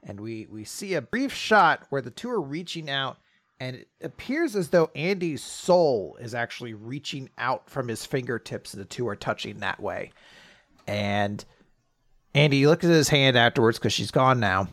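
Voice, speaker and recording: A man's voice: medium pitch, very animated, normal speed, a bit bright, dry recording. A man co-hosting a podcast, casually recapping a story with many fillers. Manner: rambling, full of fillers and laughs. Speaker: podcast co-host.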